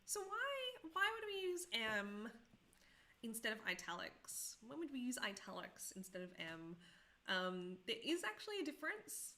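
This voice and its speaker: A woman's voice: on the high side, huge pitch swings, normal speed, pushed and bright. A woman in her thirties teaching a live-streamed coding tutorial, chatty and self-deprecating, often asking viewers questions.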